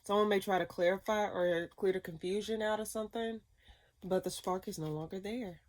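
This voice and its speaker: A woman's voice: medium pitch, fairly even intonation, fairly quick. A woman doing a casual tarot reading, blunt and profane, given to ranting. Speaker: tarot reader.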